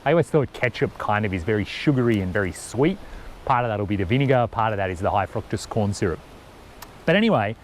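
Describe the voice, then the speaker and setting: A man's voice: medium pitch, slight background noise. A man, chatting upbeat to camera outdoors as a travel vlogger, explaining things with enthusiasm. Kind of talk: casual vlog talk to camera. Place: outdoors at a campsite and a windy picnic table.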